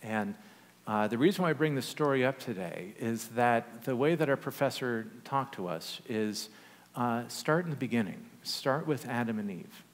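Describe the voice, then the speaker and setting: A man preaching a sermon, telling a personal story in a conversational, animated way with humorous asides. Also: mid-range voice, normal speed. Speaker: pastor. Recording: long church reverb.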